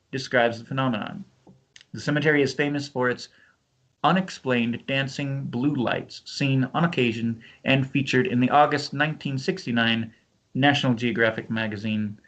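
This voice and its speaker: A man's voice: medium pitch, poor audio. A man hosting a casual podcast chat, rambling and correcting himself, and also reading a written narrative aloud. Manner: rambling, self-correcting, laughs often. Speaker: podcast host.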